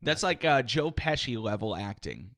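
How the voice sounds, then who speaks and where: A man co-hosting a comedy podcast, teasing his partner in a deadpan, casual way. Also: mid-range voice, normal speed, dry recording. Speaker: podcast co-host.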